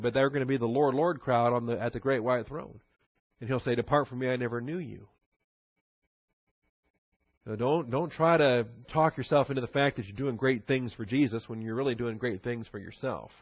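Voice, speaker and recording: A male preacher works through scripture verse by verse, chatty and animated, with dry sarcastic asides. His mid-pitched voice is recorded dry and sounds a bit dull. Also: no echo. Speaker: Bible teacher. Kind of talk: verse-by-verse sermon teaching.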